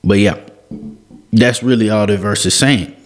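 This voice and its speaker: A man's voice: lowish voice, unhurried, soft background music. A young man, teaching a Bible passage in an earnest, casual way and often repeating and restarting his words. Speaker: devotional podcast host.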